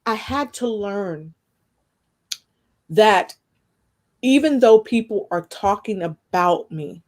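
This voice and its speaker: A woman speaks with earnest, heartfelt expression, recounting a personal experience in a relaxed conversation. Her voice sits in a middle range, and she leans on a spiritual framing as she talks. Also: medium pitch, takes it slowly. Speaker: guest.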